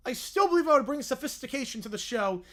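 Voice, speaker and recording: A man's voice: very high-pitched, lively intonation, quick pace, a bit bright. A man voicing a pompous British cartoon father pig who speaks in a stiff, prim, self-important way.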